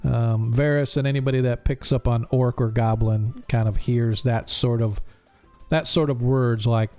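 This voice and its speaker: A man's voice: mid-range voice, fairly even intonation, moderate pace, dark tone, faint music behind. A man narrating a tabletop game as game master, rambling with lots of fillers.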